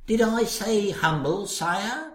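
A man's voice: high voice, animated, slow. An actor playing a fawning, scheming male servant in a comic radio play, with an oily, obsequious way of talking. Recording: roomy echo.

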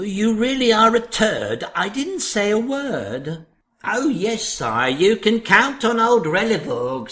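A man's voice: fairly high pitch, a bit bright, full character voice. An actor playing a fawning, scheming male servant in a comic radio play, with an oily, obsequious way of talking. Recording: roomy echo.

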